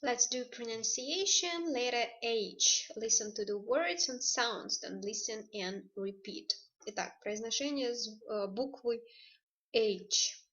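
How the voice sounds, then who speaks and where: Female English teacher, Russian accent, slightly high voice, dull lo-fi recording, explains grammar step by step. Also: takes it slowly, a bit bright. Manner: explains grammar, switching between two languages. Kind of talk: recorded online lesson.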